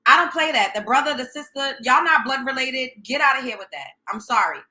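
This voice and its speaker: High-pitched, animated and fairly quick, her tone turns sharp as she tells her story. She's a young woman hosting a show out of Brooklyn, New York, and her delivery is blunt, sassy and profane.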